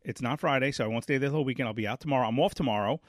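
A man, a podcast co-host telling a story in casual chat, animated and profane. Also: mid-range voice, racing, no echo, studio quality. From Brooklyn, New York. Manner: animated, profane, acts out quoted voices.

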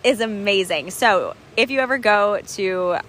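A young woman talks to her audience in a loose, chatty vlog style, peppering her sentences with "like" and little laughs. Her voice sits at an ordinary middle pitch and she records on a handheld phone, sometimes outdoors. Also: unhurried, a bit bright, a little hiss or hum. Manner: chatty, laughs often, lots of "like". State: out of breath. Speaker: travel vlogger. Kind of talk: casual travel vlog chat. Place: outdoors on a hiking trail.

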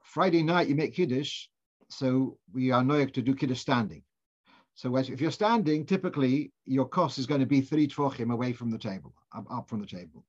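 A man's voice: medium pitch, fairly quick. A man teaching a Torah class in an informal lecture, thinking aloud, posing questions and often restarting his phrases. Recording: dull lo-fi recording.

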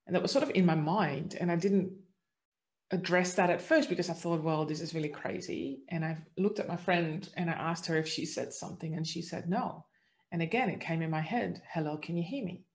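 A middle-aged woman earnestly telling her own spiritual story, moving between soft reflection and livelier moments. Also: fairly low pitch, fairly quick. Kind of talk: personal storytelling.

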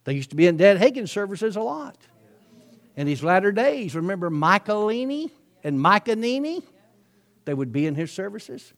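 A man's voice: high-pitched, sing-song, moderate pace. A male preacher, telling a story in his sermon in a folksy, chatty way with frequent asides.

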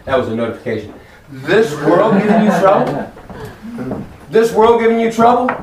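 A man preaching a lively sermon in a church hall, acting out voices as he tells stories. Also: high-pitched, moderate pace, over a noisy crowd. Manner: animated, acts out voices in stories. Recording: echoey hall, from far off, faint noise.

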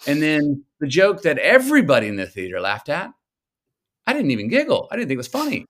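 A man, a guest telling stories slowly and thoughtfully in an interview. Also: on the high side, wildly swooping pitch, a bit bright, a little hiss or hum. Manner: slow, reflective storytelling with drawn-out pauses. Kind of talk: conversational interview.

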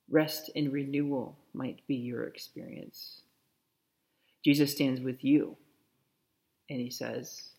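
Man, pastor, sermon, slow unhurried delivery, gravelly voice, gentle repeated blessings. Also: mid-range voice, fairly even intonation. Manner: slow, reflective preaching with soft repeated blessings.

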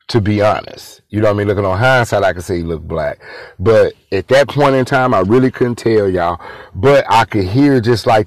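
A man's voice: lowish voice, dry recording. Rambling man. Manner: rambling, repeats himself, addresses listeners as y'all. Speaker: storyteller. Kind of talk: casual spoken storytelling.

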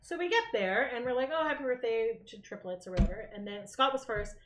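A woman's voice: a little high, brisk, noisy background. A Canadian woman co-hosting a podcast, chatting casually and telling a story with acted-out quotes. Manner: animated storyteller, acts out quotes. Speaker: podcast co-host. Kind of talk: casual chat. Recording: echoey room.

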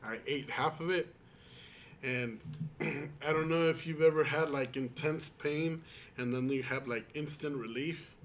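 A man's voice: fairly high pitch, unhurried, slight background noise. A man with in his speech, telling stories in a rambling, casual chat with friends. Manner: rambling storyteller, many restarts and quoted asides.

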